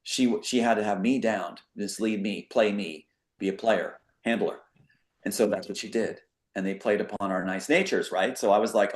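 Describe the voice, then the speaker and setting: A man's voice: fairly low pitch, moderate pace, reverberant. A man speaking as an interview guest, insistent and repetitive, rephrasing his points as he goes. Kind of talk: conversational video interview.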